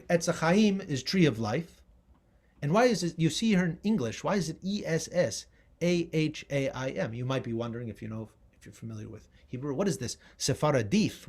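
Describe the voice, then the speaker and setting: A man's voice: a little high, darkish tone. A middle-aged man giving a public history lecture with slides, emphatic and rising on key words.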